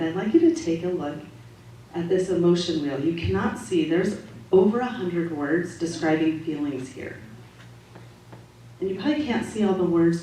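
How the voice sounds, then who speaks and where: A woman giving a calm, measured, gently instructive Sunday talk to a congregation, as a spiritual practitioner. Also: on the low side. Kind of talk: sermon-style talk to a congregation. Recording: echoey hall audio from far off, faint noise.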